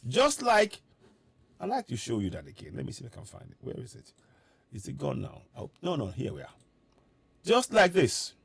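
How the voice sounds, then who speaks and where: A man's voice: medium pitch, huge pitch swings, normal speed, creaky, long pauses, fairly bright tone, husky. A man giving a fervent live-streamed address to viewers abroad, repeating his points with preaching emphasis. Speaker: political commentator addressing diaspora viewers.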